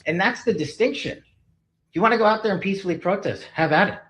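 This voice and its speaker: A man's voice: high voice, animated, fast talker, fairly bright tone, poor audio. A man speaking as a government official in an interview, firm and emphatic.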